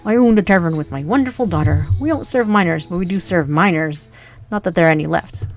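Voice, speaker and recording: A hearty tavern keeper booms out cheerful banter and puns, voiced by a woman reading game lines. The tone is loud with a gravelly grain. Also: quick pace, close to an everyday voice.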